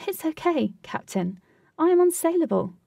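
A woman's voice: very high-pitched, sing-song, normal speed, gravelly, warm tone, no echo, recorded from a distance, pitched above the performer's own voice, exaggerated voice. A woman voicing a bold, playful young woman in a storybook reading, speaking upbeat and teasing. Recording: dry, voice set back from mic.

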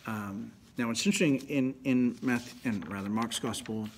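A man, a priest, giving an animated, emphatic Bible teaching that often drops to a near whisper. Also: medium pitch, moderate pace, slight background noise.

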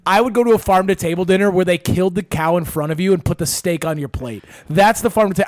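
A man rants his way through a casual podcast chat, swearing freely as he spins animated stories. His voice sits a bit high for a man. The sound is dry and close, with no room around it. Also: no room sound. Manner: profane, ranting, animated storytelling. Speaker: podcast host.

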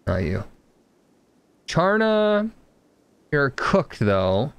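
A man's voice: fairly high pitch, big pitch swings, drawn-out words, clear, resonant tone. A man streaming a colony game, giving casual, joking commentary and muttering to himself as he plays.

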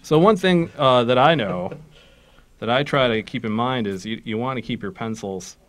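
A man's voice: medium pitch, animated, normal speed, fairly bright tone. An older man from Michigan, a guest cartoonist, talking casually and joking at his own expense while he draws. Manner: joking, self-deprecating. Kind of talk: casual chat while drawing.

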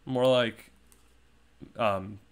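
A man's voice: mid-range voice, fairly even intonation, extremely slow, clean tone. A young man giving casual commentary on a puzzle game he is playing, with playful, sarcastic trash talk aimed at his opponent. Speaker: gaming streamer.

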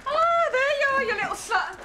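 An actress playing a rough, scolding kitchen cook who barks orders at a servant, on a hissy old VHS recording. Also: female voice, very high voice, level tone, fast. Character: coarse, bossy kitchen cook. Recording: loud hiss of an old VHS tape.

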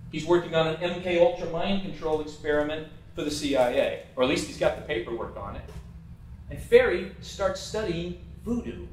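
Over a slideshow, a man with a slightly high voice and lively intonation speaks at a moderate pace, offering blunt, casual opinions. The echoey room, distant mic, and slight background noise are audible.

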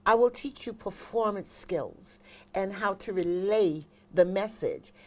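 A woman's voice: mid-range voice, measured pace. A woman, a singer and vocal coach, chatting as an interview guest and telling stories with emphatic repetition. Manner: animated storyteller, emphatic repetition.

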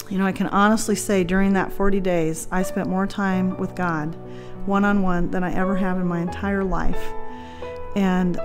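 A woman around sixty giving an earnest first-person account in an interview, acting out quoted dialogue and often pausing with fillers and restarts. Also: mid-range voice. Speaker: interview guest. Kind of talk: personal testimony in conversation.

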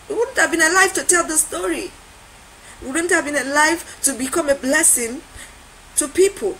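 High-voiced woman giving an emphatic motivational talk. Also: pushed and bright, slight background noise, rough recording. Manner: emphatic, repetitive, preacher-like build-ups. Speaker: motivational speaker.

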